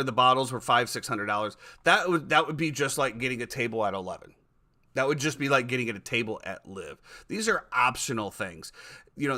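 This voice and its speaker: Bright-voiced man telling stories on a podcast. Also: mid-range voice. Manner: animated storyteller, repeats words. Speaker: podcast host. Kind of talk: casual podcast chat.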